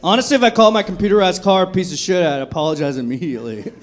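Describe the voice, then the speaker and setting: Speaking rapid-fire in a high voice, a young man performs profane, conversational stand-up into a handheld mic at a comedy club, imitating drunk people as he goes.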